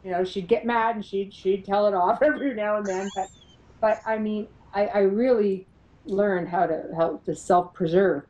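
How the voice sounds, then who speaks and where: A middle-aged woman, a paranormal investigator, telling her experiences as an interview guest, animated and laughing often as she acts out what others said. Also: medium pitch, moderate pace, highs cut off. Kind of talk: storytelling in an interview.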